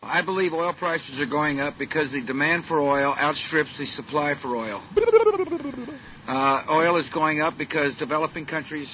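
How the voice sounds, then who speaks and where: A man answering questions at a press conference in a halting, plain-spoken way. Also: a little high. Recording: dull archival clip with faint noise.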